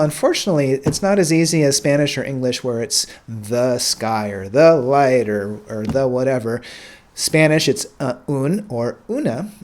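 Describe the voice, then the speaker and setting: An American man with a medium-pitched voice gives a relaxed, casual language lesson. He fills pauses with "uh" and "all right" and repeats words slowly.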